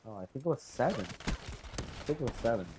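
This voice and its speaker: Heavy background noise sits under this teenage boy's brisk, expressive, mid-range voice. He's fourteen and rambling through an embarrassing story for his viewers, dropping swear words and addressing them as "guys."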